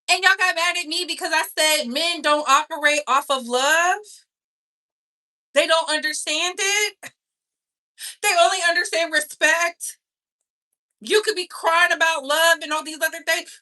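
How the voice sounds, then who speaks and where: Sassy, bright-voiced woman gossip host. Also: extremely high pitch, normal speed. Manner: sassy, animated, talks straight to viewers. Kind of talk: casual gossip commentary to a live chat.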